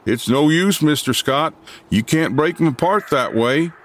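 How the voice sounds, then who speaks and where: A man's voice: on the high side, expressive, measured pace, pitched above the performer's own voice. A man voicing a plainspoken frontier dog musher with folksy, practical speech. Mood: matter-of-fact.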